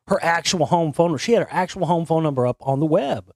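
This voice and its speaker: Man, talk show host, rambling casual storytelling, slightly high voice, dry close sound. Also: fast talker, no echo. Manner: rambling, repeats and restarts, swears casually. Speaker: podcast host.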